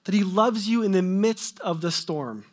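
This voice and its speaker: A man preaching a sermon, swinging between loud emphatic questions and quiet trailing asides. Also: high voice, animated, normal speed.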